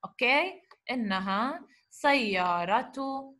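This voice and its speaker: Bright-voiced woman teaching grammar. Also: a little high, animated. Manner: explains slowly, repeats examples, asks rhetorical questions. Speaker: Arabic teacher. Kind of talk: recorded grammar lesson.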